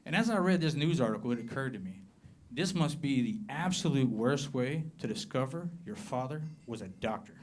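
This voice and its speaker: A man's voice: mid-range voice, animated, normal speed, few pauses, slight background noise. Southern American man doing stand-up. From southern Appalachia, USA. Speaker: stand-up comedian. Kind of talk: stand-up comedy set. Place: comedy club with live audience.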